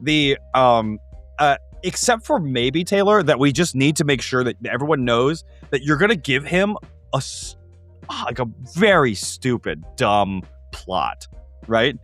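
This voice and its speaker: A man hosting a tabletop gaming show, explaining ideas in an animated, casual way with quick asides. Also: medium pitch, faint music behind.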